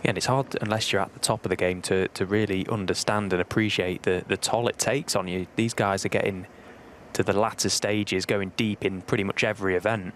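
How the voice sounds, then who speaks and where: A former player turned co-commentator, he breaks down the play in a measured, analytical way. His voice sits a little low. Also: fairly even intonation, a bit bright, slight background noise. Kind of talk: live sports commentary.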